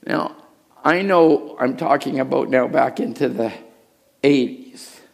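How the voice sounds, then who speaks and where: A middle-aged man preaching a sermon as pastor, telling a story with hushed asides and raised, urgent lines. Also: mid-range voice, slow pace, vocal fry. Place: church.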